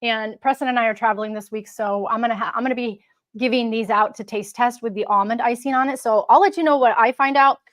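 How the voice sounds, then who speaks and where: A woman's voice: fairly high pitch, fairly even intonation, fast talker, a bit bright. A woman hosting a casual live stream, talking in a chatty, rambling way with frequent restarts. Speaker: host.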